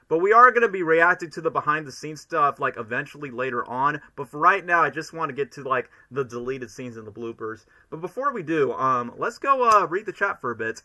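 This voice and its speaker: A young man from Florida rambles to his livestream chat, jumping from thought to thought. His voice is slightly high with a very bright, tense edge, and he talks in a loose, excitable way. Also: fairly quick, few pauses. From Florida, United States. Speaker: streamer. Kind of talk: casual livestream reaction chat.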